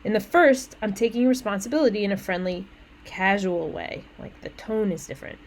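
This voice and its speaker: A young woman teaching college English talks students through an essay assignment in an easygoing, conversational voice of middle pitch. She breaks off often for casual asides and quick self-corrections. A faint hum of room sound sits behind her. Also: low-quality recording. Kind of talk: walking through essay instructions.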